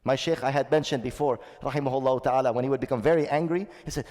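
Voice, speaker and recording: A man's voice: mid-range voice, fast talker, darkish tone, long reverb tail. A man delivering a sermon as a shaykh, earnest and repeating his key phrases, with stretches of Arabic recitation. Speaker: shaykh giving a Ramadan talk.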